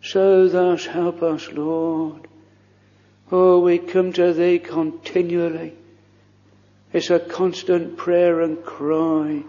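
A man prays aloud from the pulpit in old-fashioned formal phrasing, earnest and pleading, his words slow and held to a flat, even line. His tone is mellow and a little higher than most men's. The lo-fi recording carries the long reverb of a church hall. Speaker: minister leading prayer.

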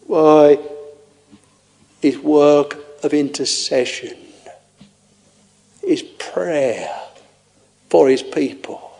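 Slow, tender-voiced preacher in a hall. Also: male voice, on the high side, gravelly, darkish tone. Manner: slow, tender, intoning delivery. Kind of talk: sermon. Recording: long reverb of a large hall.

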